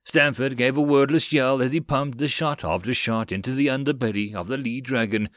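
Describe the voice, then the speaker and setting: A man reading a web novel audiobook in a steady storytelling manner. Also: medium pitch, a little fast, dry recording, studio quality. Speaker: audiobook narrator. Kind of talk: scripted narration.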